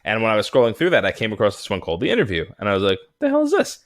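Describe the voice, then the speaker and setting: A man's voice: fairly low pitch, racing. Rambling, easygoing man in casual movie chat. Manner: rambling, animated, many fillers and restarts. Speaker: podcast co-host.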